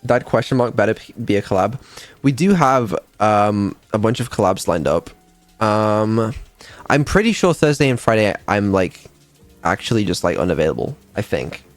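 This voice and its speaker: A man's voice: lowish voice, very animated, normal speed, dry recording, soft background music. A man, a developer and streamer, chatting casually on a live dev stream, laid-back and mumbling, with ums and the odd swear.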